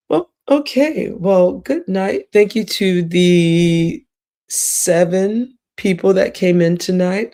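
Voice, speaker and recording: A woman's voice: on the low side, dark tone. A woman livestreamer with a cracking voice, giving rambling, gossipy late-night commentary with whispered asides.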